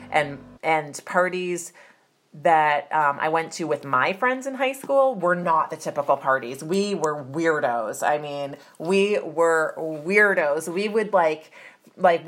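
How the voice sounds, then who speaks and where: A woman from Massachusetts telling stories about her youth in a chatty way, with many fillers and restarts. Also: low voice. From Massachusetts, USA. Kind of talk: casual personal storytelling.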